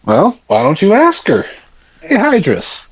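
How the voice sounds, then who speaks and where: A player in a tabletop game, speaking loudly and with animation. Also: mid-range voice, wildly swooping pitch, a little slow, breathy edge, no room sound, lo-fi sound.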